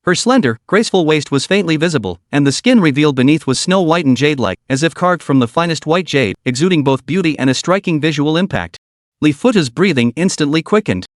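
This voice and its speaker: A man narrates a web novel with lively, animated storytelling, his voice sitting a bit high. The recording is dry and close, with no room sound. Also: fairly quick, no echo.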